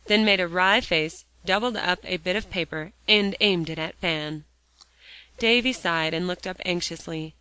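A woman reading a children's novel aloud in steady storybook narration. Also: lowish voice, moderate pace, clear, resonant tone, no room sound, rough recording. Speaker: audiobook reader.

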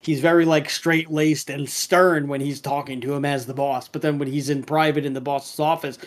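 A man's voice: on the high side, steady tone, moderate pace. A man in casual podcast chat, rambling through a cartoon episode with lots of fillers and restarts.

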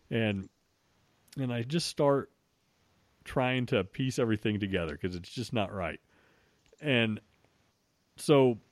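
A man's voice: mid-range voice, dry recording. A man telling a long story in a casual, profane way, with many restarts. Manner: profane, rambling with frequent restarts.

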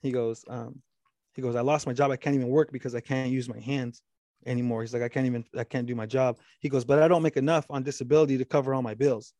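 Fast and steady, with a dark tone, a man tells a long, rambling story in casual conversation, cursing frequently and restarting often. He also quotes the other man at length in a low voice. The recording is dry.

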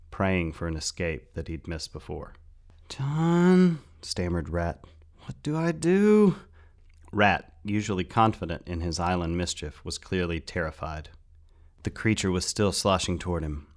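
A man reading a story aloud as the narrator, in steady, tense storytelling. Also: sits low. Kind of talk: scripted audiobook narration.

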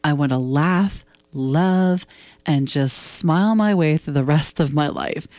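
A woman in her fifties with a lowish voice, hosting a solo talk show and speaking bluntly and candidly. She swears casually and lets her feelings show. The sound is dry and close, with no room around her. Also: slow pace, darkish tone, no room sound. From United States. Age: 50s. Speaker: podcast host.

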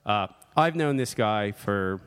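A man's voice: lowish voice, expressive, takes it slowly, a bit bright, clean tone, long reverb tail. A man hosting a casual podcast chat, playful and jokey, laughing often. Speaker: podcast host. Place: studio in Brooklyn.

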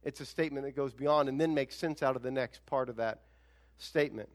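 A male pastor preaching a sermon in an animated, conversational way, with emphatic rhetorical questions. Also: mid-range voice, a little fast.

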